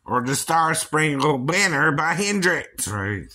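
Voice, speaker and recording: A man's voice: fairly high pitch, big pitch swings, sharp tone, breathy edge. A man chatting casually about doing impressions. He laughs often and ends his lines with "right?". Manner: breaks into quick impressions and silly voices. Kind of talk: casual chat.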